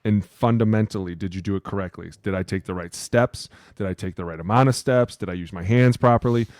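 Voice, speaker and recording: A man co-hosting a football podcast, a former lineman telling stories in animated, profane casual chat. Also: on the low side, brisk, no echo, clean studio sound.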